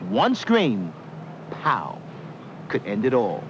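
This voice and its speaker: A man speaking calmly to camera, giving measured, earnest advice on staying safe during a robbery. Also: medium pitch. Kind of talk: direct-to-camera educational talk. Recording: dull lo-fi 1970s film sound, faint street noise.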